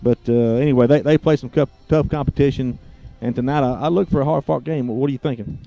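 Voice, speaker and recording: A man doing play-by-play for a high school football broadcast, relaxed and chatty with lots of fillers. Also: fast, vocal fry, muffled recording, soft background music. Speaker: play-by-play announcer.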